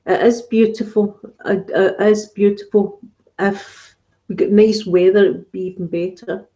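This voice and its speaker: A Scottish woman who runs an ASMR channel chats casually during a live session, reading out and answering viewer comments. Her medium-pitched voice is mellow and steady, and she speaks at a measured pace, rambling with plenty of fillers.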